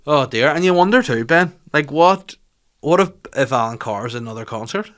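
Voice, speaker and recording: A man hosting a podcast in a studio, chatting casually with animated, sweary, joking rants. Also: fairly high pitch, normal speed. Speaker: podcast host. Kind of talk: casual comedic chat.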